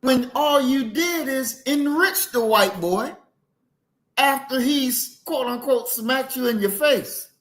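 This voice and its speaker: A man's voice: extremely high pitch, takes it slowly, a bit bright. A man hosting a group discussion, critical and lecturing in tone. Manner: critical, lecturing, says "that's not" over and over. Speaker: discussion host. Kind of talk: moderating a discussion.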